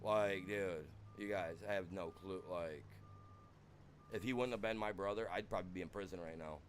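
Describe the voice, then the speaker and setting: A man's voice: sits low, normal speed, a little hiss or hum. A young American man streaming a farming game, rambling through a wild personal story and saying "dude" constantly.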